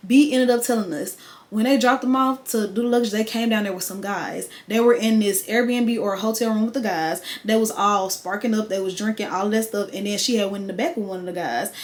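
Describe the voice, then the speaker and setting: A woman's voice: mid-range voice, a little fast. A young woman, casually telling a storytime tale to her viewers with quoted voices. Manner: chatty, animated retelling with quoted voices. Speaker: vlogger.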